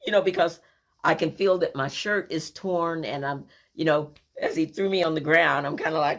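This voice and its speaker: A woman telling a personal family story, animated and acting out the scenes as she goes. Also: low voice, brisk.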